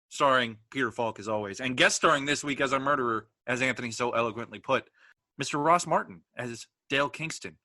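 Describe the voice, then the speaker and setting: A man's voice: medium pitch, bright, forceful tone, no room sound, studio quality. A man co-hosting a podcast, chatting in a jokey, theatrical way. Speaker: podcast co-host. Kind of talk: casual chat.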